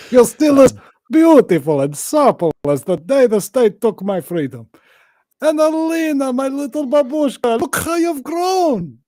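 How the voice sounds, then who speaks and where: A hammy Russian-accented returning prisoner, as a man puts him on, greeting his family with over-the-top tenderness. The voice jumps well above the man's usual pitch and carries a little further from the mic. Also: big pitch swings, takes it slowly, long pauses, warm tone, dry recording, full character voice. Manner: theatrical and tender, laughing through it.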